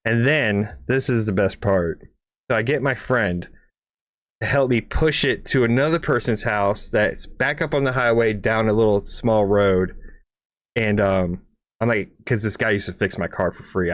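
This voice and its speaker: A man's voice: lowish voice, moderate pace, no room sound, studio quality. A man co-hosting a casual podcast, telling a long rambling story, cursing freely, tagging lines with "right?" and acting out engine noises. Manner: rambling, profane, lots of "right?" asides; animated, makes engine noises and sound effects. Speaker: podcast co-host.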